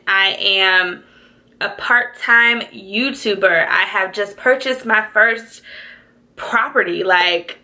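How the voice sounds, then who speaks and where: Slow-talking emotional young woman. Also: mid-range voice, pushed and bright. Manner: emotional, close to tears; chatty, many "like"s and "y'all". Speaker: vlogger. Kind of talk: casual storytime monologue.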